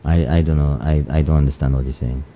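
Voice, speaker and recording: A man's voice: a bass voice, steady tone, fast talker, dark tone. A man hosting a call-in radio talk show, greeting listeners in many places and signing off. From Saint Lucia.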